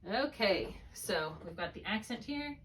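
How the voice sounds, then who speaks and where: A woman's voice: medium pitch, animated, measured pace, fairly bright tone, far from the mic. A woman tutoring one student in spelling, patiently thinking aloud through each step. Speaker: reading tutor.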